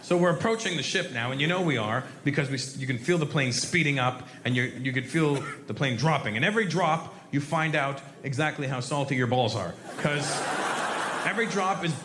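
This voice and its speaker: A man doing a stand-up comedy set on stage before a live audience, telling a profane, animated story and bantering with the crowd. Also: mid-range voice, brisk, hardly any pauses, roomy sound.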